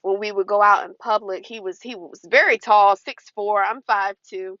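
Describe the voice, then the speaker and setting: A woman's voice: medium pitch, steady tone, normal speed, fairly bright tone, dry recording. A woman giving casual, earnest advice to camera, warning viewers and acting out quoted lines. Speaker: advice vlogger. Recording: dull, dry lo-fi recording.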